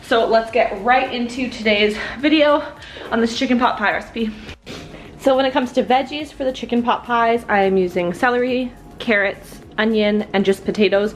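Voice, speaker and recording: A young vlogger who is heavily pregnant and out of breath chats casually while cooking in her home kitchen, sprinkling in plenty of "likes" and "ums." Her voice is a little high and her speed normal.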